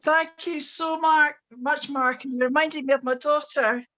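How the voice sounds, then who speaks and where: A woman's voice: high voice, fairly even intonation, measured pace, a bit bright, rough recording. A woman hosting an online book launch on a video call, introducing each reader with chatty remarks and frequent ums.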